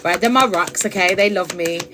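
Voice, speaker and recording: A woman's voice: on the low side, brisk, noisy background. A woman giving a blunt, chatty tarot reading on a live stream from her phone. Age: adult. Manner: chatty, blunt, with frequent laughs and swearing. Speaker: tarot reader.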